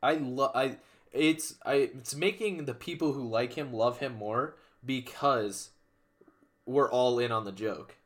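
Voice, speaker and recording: A man's voice: medium pitch, measured pace, fairly bright tone. A young man co-hosting a podcast in casual, laid-back chat, using slang and laughing easily. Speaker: podcast co-host.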